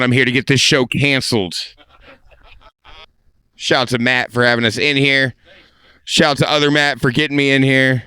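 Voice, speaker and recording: A stand-up comedian telling a crude story in a podcast studio, with a brash, animated delivery. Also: male voice, medium pitch, smooth, dry recording.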